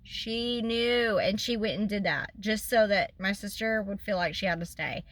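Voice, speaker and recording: A woman's voice: medium pitch, normal speed, fairly bright tone. A young woman vlogger venting in a casual storytime chat, upset and close to tears.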